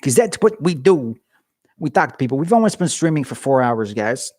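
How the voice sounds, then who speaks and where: A male streamer talks loosely to his viewers, rambling from one joke to the next and poking fun at himself. He is cold and sits in a garage, and his mid-pitched voice sounds close and dry, with no room echo. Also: big pitch swings, moderate pace, a little mellow. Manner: rambling, jokey, self-mocking. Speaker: livestreamer. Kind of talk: casual livestream chat. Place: home garage.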